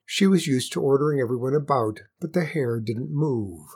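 A storyteller reading a fairy tale aloud in an expressive, lilting way. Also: medium pitch, unhurried, hardly any pauses, slightly rough. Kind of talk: storybook narration.

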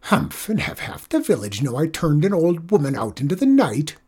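A storyteller voicing Griselda, a sharp-tongued, grouchy old village woman who scoffs and snaps. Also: medium pitch, huge pitch swings, moderate pace, husky, pitched above the performer's own voice, exaggerated voice. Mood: scornful. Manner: snappish, scornful scoffing.

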